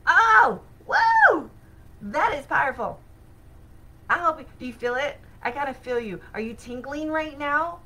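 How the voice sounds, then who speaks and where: A woman hosting a spiritual self-help podcast, telling a personal story in an animated, excitable way with sudden bursts of energy. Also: high voice, normal speed, rough recording. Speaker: podcast host.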